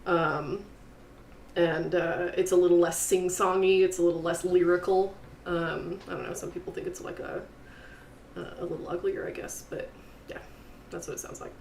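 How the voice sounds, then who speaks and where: A woman chatting her way through a game stream in a rambling, casual manner. Her voice sits a little low, and the room around her is echoey with a faint hiss. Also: fairly even intonation, moderate pace, darkish tone. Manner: rambling, chatty, lots of fillers and laughs. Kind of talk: casual gameplay commentary.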